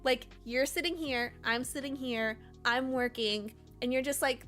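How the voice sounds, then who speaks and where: A woman's voice: high voice, unhurried, few pauses, soft background music. A woman streaming her coding work, chatting casually, reading chat aloud and talking to her cats. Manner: animated, bursts of excitement.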